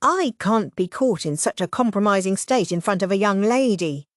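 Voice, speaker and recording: A woman's voice: mid-range voice, lively intonation, moderate pace, no echo, studio quality, close to an everyday voice. Woman voicing an earnest flustered young man.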